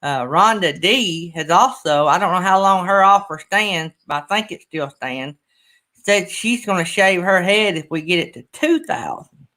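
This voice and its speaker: A man's voice: sits high, a little slow, sharp tone. A middle-aged man, hosting a casual livestream chat in a rambling, folksy, emotional way. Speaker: channel host.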